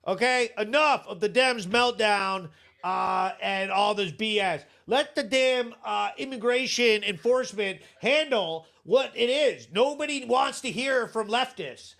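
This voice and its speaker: A man's voice: extremely high pitch, a bit bright. A man hosting a live show, ranting bluntly and sarcastically in casual commentary, swearing freely. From Vermont.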